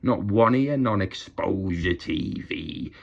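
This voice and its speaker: A man's voice: deep voice, lively intonation, a little slow, gravelly, dull audio. A man on a YouTube channel delivering a mocking, boastful rant straight to his rivals. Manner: taunting, boastful, scornful.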